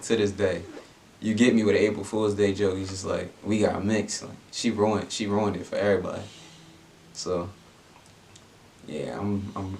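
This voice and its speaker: A young man tells a story in a casual vlog. His voice sits fairly low, and his delivery is laid-back and slangy, full of fillers and restarts. A faint hum of room noise stays under the speech. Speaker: vlogger.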